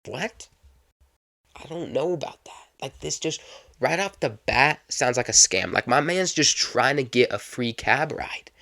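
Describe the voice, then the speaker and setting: A man's voice: medium pitch, lively intonation, normal speed, gravelly, sharp tone, no echo, clean studio sound. A young man hosting a casual solo podcast, rambling chattily and repeating his phrases. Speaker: podcast host.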